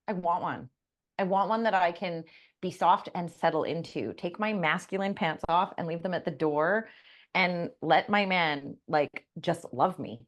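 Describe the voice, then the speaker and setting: Woman cohost on a podcast, kinda low voice, candid and open about herself. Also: a little slow, muffled recording. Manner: candid, confessional. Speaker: podcast co-host. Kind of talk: casual podcast conversation.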